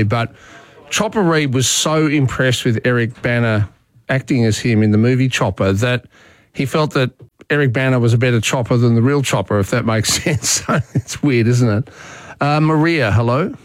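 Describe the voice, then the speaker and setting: A man's voice: medium pitch, moderate pace, dry recording. A middle-aged man chats loosely on talkback radio, trailing into fillers and restarts as he thinks aloud. His voice is close and dry, with nothing of the room around it. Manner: relaxed, chatty, frequent fillers and restarts. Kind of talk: casual talkback radio chat. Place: radio studio.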